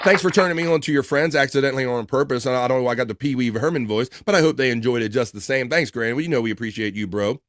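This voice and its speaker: A man with a mid-range voice hosts a casual livestream from the US East Coast, rapid-fire and with hardly any pauses. He reads chat messages aloud and chats loosely, using lots of filler words.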